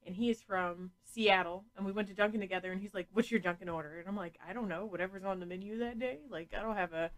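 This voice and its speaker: A woman's voice: mid-range voice, fast talker, few pauses, rough recording. A woman hosting a casual podcast, chatty and frank, laughing often and swearing freely. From New England. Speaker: podcast host.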